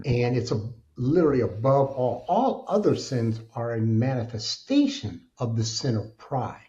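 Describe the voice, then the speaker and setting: Animated man telling his story, dark tone. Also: mid-range voice, unhurried, dull audio. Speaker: podcast guest. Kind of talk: candid storytelling interview.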